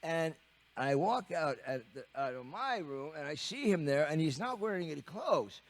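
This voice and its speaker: A man's voice: a little high, sing-song, moderate pace. A man in his seventies from Canada, a rock drummer telling a rambling, chuckling story on stage at a live studio concert. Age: 70s. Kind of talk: storytelling on stage between songs.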